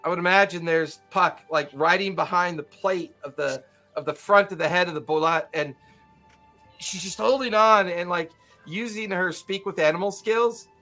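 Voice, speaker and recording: A man's voice: high voice, moderate pace, bright, forceful tone, faint music behind. A man narrating a tabletop game as game master, describing scenes vividly with loose fillers.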